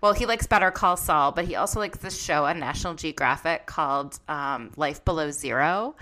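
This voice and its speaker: A woman hosting a podcast, chatty and quick to giggle as she tells stories. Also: sits low, pushed and bright. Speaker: podcast host. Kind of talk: casual chat about reality TV.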